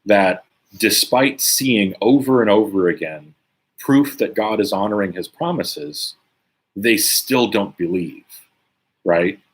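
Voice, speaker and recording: A man's voice: on the low side, breathy edge. A man leading a casual Bible study, reading scripture aloud and commenting conversationally with frequent "right?" tags. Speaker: Bible teacher.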